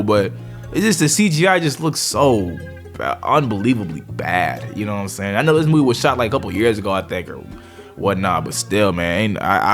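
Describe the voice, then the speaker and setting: A man's voice: mid-range voice, a bit bright. A man giving a casual movie review vlog, talking in slang and repeating fillers as he rants.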